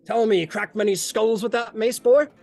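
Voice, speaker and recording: A man's voice: sits high, steady tone, normal speed, faint music behind, voice pushed up. A man voicing a boisterous, burly male knight who loves drinking and brawling, hearty and boastful in speech. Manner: hearty and boastful, loud jovial taunts.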